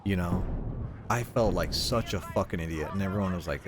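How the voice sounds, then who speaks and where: A man's voice: sits low, a little fast, noisy background. Rambling, swearing young man over gunfire. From United States. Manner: rambling, profane, lots of fillers. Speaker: streamer. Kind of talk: casual gaming stream chat. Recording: game gunfire loud behind voice. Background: gunfire and game sounds.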